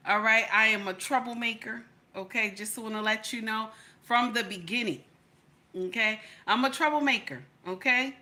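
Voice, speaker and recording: A woman's voice: fairly high pitch, normal speed, pushed and bright. A middle-aged woman hosting a casual live chat, greeting viewers by name and tagging her sentences with "okay?" and "baby.". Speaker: livestream host.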